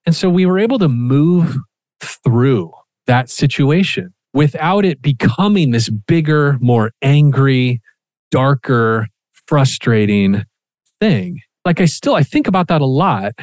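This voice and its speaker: Podcast co-host, male, mid-pitched, lively storyteller who swears casually, dry booth sound. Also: measured pace, dry recording. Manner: animated, acts out quoted dialogue, swears casually.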